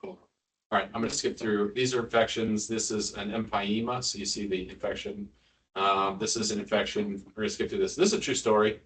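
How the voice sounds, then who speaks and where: A man's voice: fairly low pitch, little pitch movement, a little fast, a bit bright, slight background noise. A man giving a casual, joking neurosurgery lecture to nurses, quizzing the room and tossing in asides. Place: hospital lecture room with an audience. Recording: distant mic, audience murmur.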